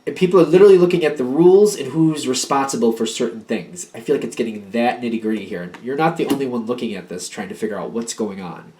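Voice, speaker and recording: A man's voice: medium pitch, fast talker, few pauses, warm tone. A man giving a casual tarot reading in a rambling, repetitive, emphatic way. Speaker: tarot card reader.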